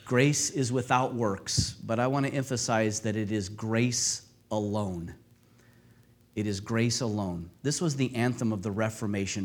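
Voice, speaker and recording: A man preaching a sermon, stressing key phrases by repeating them and swinging between loud passages and quiet ones. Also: on the low side, measured pace.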